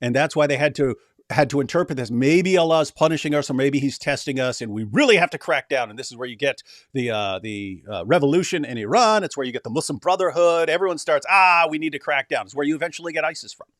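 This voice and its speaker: A man co-hosting a livestream, talking casually and mockingly, sometimes putting on shrill whining voices. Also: animated, fast, no echo, clean studio sound. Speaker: livestream co-host.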